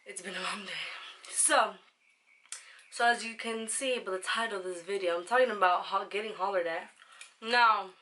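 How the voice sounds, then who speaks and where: A woman's voice: medium pitch, normal speed, noisy background. A young woman vlogger chatting casually through a storytime, rambling and slangy, with some swearing.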